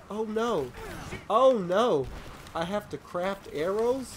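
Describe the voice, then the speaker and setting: A let's play commentator who yells, taunts enemies and swears a lot while playing. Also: medium pitch, sing-song, takes it slowly, creaky, a little hiss or hum. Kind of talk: gameplay commentary.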